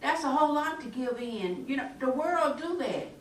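An expressive woman with a high-sitting voice speaks earnestly and emphatically at a moderate pace during a casual church faith discussion. The room is echoey, the mic is distant, and there's faint noise.

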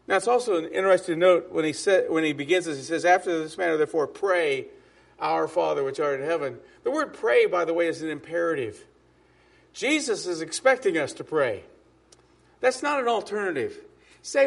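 A man preaching a sermon as a pastor, emphatic, with drops to soft asides. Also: a little high, expressive, a little fast, creaky.

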